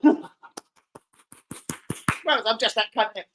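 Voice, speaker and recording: A man's voice: mid-range voice, expressive, fast talker, noisy background. A young man hosting a football livestream, rambling through sweary anecdotes in casual chat. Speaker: football channel host.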